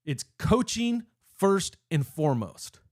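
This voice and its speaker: Young man, fan channel host, heated rambling rant, slightly high voice, keeps cutting himself off. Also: big pitch swings, takes it slowly, a little mellow. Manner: heated, rambling, self-interrupting. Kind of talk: emotional live-stream rant.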